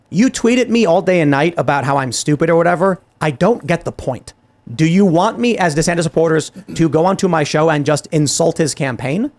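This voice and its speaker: A man hosting a political talk show, speaking in an animated, exasperated way with many restarts and acted-out quotes. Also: on the high side. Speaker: podcast host. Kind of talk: heated political commentary.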